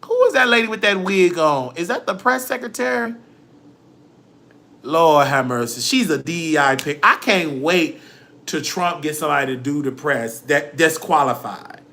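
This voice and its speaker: A man's voice: fairly high pitch, lively intonation, normal speed, vocal fry, sharp tone. A man hosting a livestream, ranting dramatically and preachily, often crying and quoting scripture. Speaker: livestream host. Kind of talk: emotional livestream rant.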